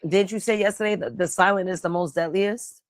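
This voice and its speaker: A young woman co-hosting a casual stream, teasing and animated, quick with slang. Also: medium pitch, dry recording, clean studio sound. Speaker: stream co-host. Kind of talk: casual banter.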